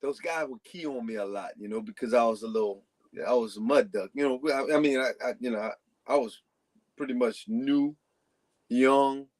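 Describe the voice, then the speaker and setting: A man's voice: medium pitch, normal speed, darkish tone. A man telling long casual stories as a guest on a talk show, rambling with frequent restarts. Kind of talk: casual storytelling.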